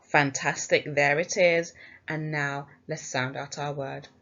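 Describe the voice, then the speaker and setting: A woman teacher with an English accent leads a phonics lesson for young children, slowly sounding out letters and praising them in an encouraging, sing-song way. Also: deep voice, steady tone, fairly bright tone, highs cut off. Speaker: primary school teacher.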